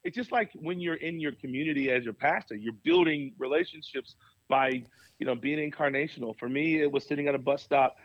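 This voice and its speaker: An animated male pastor talking as an interview guest, his voice a bit higher than most men's. He laughs often and swings his pitch as he tells a story. The sound is dry and close. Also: brisk, dry recording, muffled recording.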